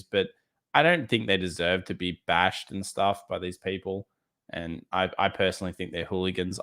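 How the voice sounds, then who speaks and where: Blunt, casual Australian man, lower voice. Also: pushed and bright. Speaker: trading livestream host. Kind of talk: live market commentary reading chat.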